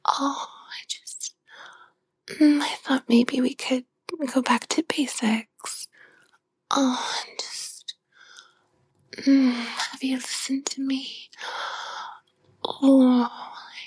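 Breathy, sleepy high-voiced woman whispering. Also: no room sound. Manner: soft whispering with sighs and breathy moans. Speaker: audio creator. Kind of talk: whispered role-play.

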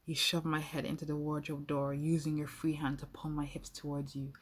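A woman's voice: sits low, flat delivery, brisk, husky. A young adult woman telling an intimate first-person role-play story, playful and speaking straight to the listener.

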